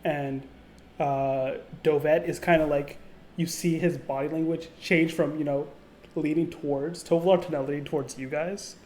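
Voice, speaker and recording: A man's voice: a little high, steady tone, moderate pace, darkish tone, slight background noise. A man narrating a tabletop role-playing game as game master, casual and rambling, with lots of fillers.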